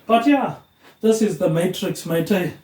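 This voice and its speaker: A man's voice: high-pitched, expressive, a little slow, a little mellow. A man vlogging into a phone tablet without a microphone, rambling on and tagging his lines with a slangy "mate, eh". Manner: meandering, tags lines with "mate, eh". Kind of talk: rambling solo monologue. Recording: echoey room, no mic.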